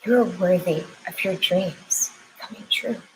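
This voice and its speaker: A woman's voice: on the low side, slow pace, a little hiss or hum, low-quality recording. A young woman giving a spiritual oracle card reading, speaking tenderly with affirmations and sounding close to tears.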